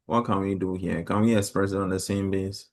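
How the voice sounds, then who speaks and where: A man's voice: low-pitched, fairly even intonation, brisk. A man teaching a mathematics lesson to a class, explaining step by step and quizzing the students.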